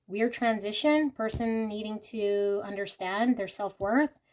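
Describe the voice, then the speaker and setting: A woman's voice: medium pitch, measured pace, darkish tone. A woman reading tarot cards for her viewers, earnest and emotional, speaking straight to them. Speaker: tarot reader. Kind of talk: intuitive pick-a-card tarot reading.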